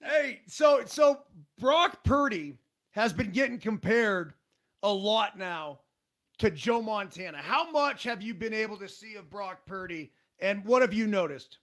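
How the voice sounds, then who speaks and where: Male interviewer, quite high pitch, upbeat, eager questioner. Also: lively intonation, unhurried, fairly bright tone. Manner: eager, asks questions enthusiastically. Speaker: host. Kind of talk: casual interview chat.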